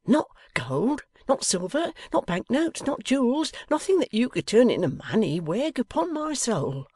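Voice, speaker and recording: A man voicing a naive, distraught old gentleman who wails and pleads in a high voice. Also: big pitch swings, measured pace, husky, no echo, exaggerated voice. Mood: pleading.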